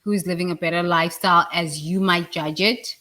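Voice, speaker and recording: A woman giving a blunt, emphatic spiritual talk, with sudden loud bursts. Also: fairly low pitch, fairly even intonation, brisk. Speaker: spiritual speaker.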